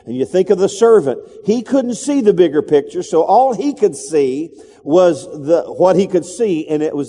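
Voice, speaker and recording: Man preaching with a mellow voice in a hall. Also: big pitch swings, moderate pace. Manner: call-and-response preaching, has congregation repeat phrases; acts out quoted voices with sudden high-pitched outbursts. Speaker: pastor. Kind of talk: sermon.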